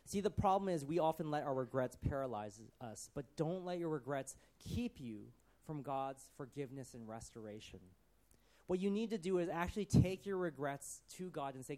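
A man preaching a sermon, earnest, often dropping to a soft voice. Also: on the high side, expressive, a little fast.

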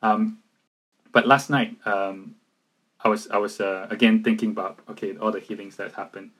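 A man with a husky, fairly low voice speaks earnestly about faith. He talks haltingly, circling back with restarts and fillers as he tells his story, in a relaxed conversational way. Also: poor audio.

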